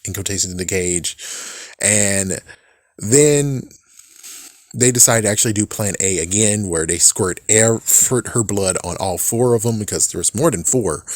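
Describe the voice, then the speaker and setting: A man's voice: lowish voice, a little mellow, dry recording. A man giving a casual, rambling spoiler recap of a movie, swearing often and laughing at it. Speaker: movie reviewer.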